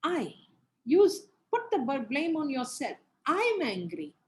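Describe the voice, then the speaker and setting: A woman's voice: high voice, very animated, unhurried, rough recording. A middle-aged woman giving an earnest parenting seminar talk, acting out the things parents say. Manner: earnest, acts out parent quotes.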